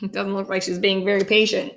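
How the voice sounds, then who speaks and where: A woman's voice: mid-range voice, flat delivery, normal speed, fairly bright tone. Chatty woman reading a storybook aloud. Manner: chatty, amused asides. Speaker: storybook reader. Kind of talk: read-aloud storytelling with asides.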